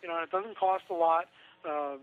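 A man's voice: a little high, moderate pace, clear, resonant tone. A man talking casually on a radio show, chatty and sarcastic, laughing through his own asides. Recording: tinny phone line.

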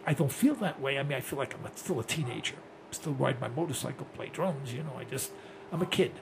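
A man's voice: medium pitch, expressive, quick pace, gravelly, background noise. A man in his sixties hosting a rambling, blunt talk radio monologue. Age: 60s. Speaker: host.

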